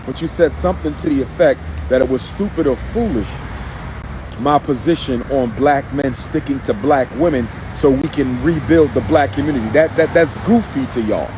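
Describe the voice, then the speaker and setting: A man's voice: mid-range voice, moderate pace, background noise. Emphatic man repeating his points. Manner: emphatic and repetitive, addressing someone directly. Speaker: activist commentator. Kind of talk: live-streamed monologue.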